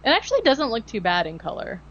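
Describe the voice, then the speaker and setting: A woman's voice: a little high, huge pitch swings, fast talker, fairly bright tone, lo-fi sound. A woman co-hosting a podcast, recapping a movie in a rambling, sarcastic way with lots of fillers. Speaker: podcast co-host. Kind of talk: casual movie recap chat.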